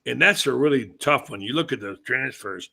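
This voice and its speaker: A male podcast host in casual sports chat, telling his points in a loose, rambling way. His voice is gravelly with a bright, forward edge, sitting at an ordinary male pitch. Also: expressive, brisk. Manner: rambling, conversational storyteller.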